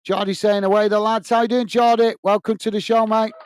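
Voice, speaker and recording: A man from England with a high, smooth, clear voice calls a football match for a live fan stream. He reads viewer comments aloud between passages of play and cheers on his side. The sound is close and dry, with no room around it. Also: flat delivery, brisk, dry recording. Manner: chatty, reads out viewer comments, partisan for his own team. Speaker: watch-along host and commentator.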